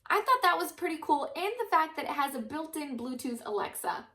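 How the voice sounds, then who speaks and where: A young woman with a high, bright-sounding voice walks through a product she loves, upbeat and enthusiastic. She talks in a home living room, a little away from the mic, so the room rings around her. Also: very animated, brisk, recorded from a distance. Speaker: product reviewer host. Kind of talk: casual product review. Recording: roomy echo, mic set back.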